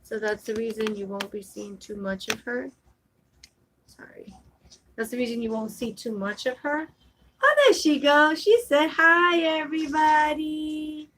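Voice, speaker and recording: At home, a mother and vlogger coaxes her baby and chats casually with her viewers. Her voice sits on the high side at a normal pace, though the audio quality is poor.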